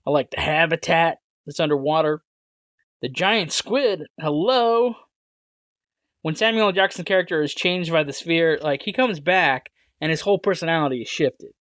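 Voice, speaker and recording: A man's voice: a little high, fairly quick, few pauses, a bit bright, dry recording. A man hosting a movie podcast, talking casually in a rambling, self-correcting, jokey way. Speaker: podcast host. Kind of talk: casual solo podcast talk with read ads.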